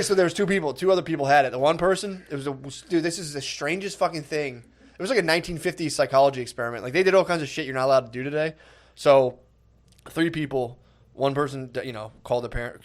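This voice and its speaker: A man in his thirties, a podcast co-host, telling a rambling, profane story in casual chat, often quoting himself. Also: medium pitch.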